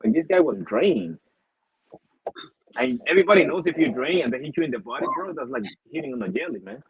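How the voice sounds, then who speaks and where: A man co-hosting a casual boxing talk show, animated and profane, laughing often. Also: fairly high pitch, a little fast, crowd noise, low-quality recording. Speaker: boxing podcast co-host. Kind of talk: casual chat.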